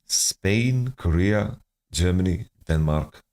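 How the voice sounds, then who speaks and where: A man's voice: low voice, expressive, slow, darkish tone. A man streaming, thinking aloud as he guesses team rosters from player nationalities, often repeating words. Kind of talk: casual stream commentary.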